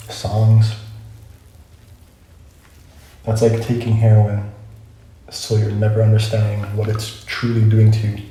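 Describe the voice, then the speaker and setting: A young male vlogger tells a personal story casually, rambling, correcting himself and reflecting along the way. His voice is on the low side with a dark tone, recorded in a very echoey room with faint noise.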